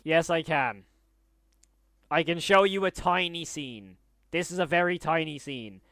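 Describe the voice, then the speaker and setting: A young adult man hosting a casual livestream, excitable and openly emotional as he talks to viewers. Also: on the high side, measured pace, dry recording. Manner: excitable, then hushed and emotional. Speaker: livestream host.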